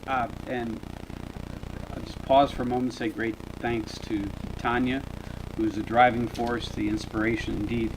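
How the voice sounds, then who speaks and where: A man's voice: medium pitch, flat delivery, moderate pace. A man speaking as a panelist, thoughtful and hesitant, with many fillers. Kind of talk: reflective panel remarks. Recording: noisy live event recording.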